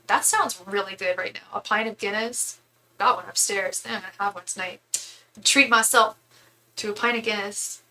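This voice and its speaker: A woman's voice: mid-range voice, steady tone, normal speed, rough recording. A young woman hosting a casual live stream from home, chatty and rambling, full of "like.". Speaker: tarot reader and live-stream host.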